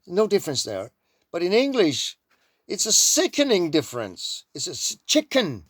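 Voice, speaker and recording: A man's voice: fairly high pitch, big pitch swings, normal speed, a bit bright, dry recording. A man from Denmark with a Danish accent, rambling playfully through a personal monologue. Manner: playful, drifts into mock accents and silly sounds. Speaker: vlogger.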